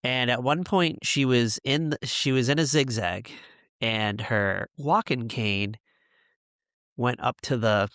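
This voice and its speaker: A man's voice: medium pitch, takes it slowly, fairly bright tone, dry recording, clean studio sound. A man co-hosting a podcast, telling rambling school stories in casual chat with lots of fillers. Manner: rambling, many fillers and laughs. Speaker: podcast co-host.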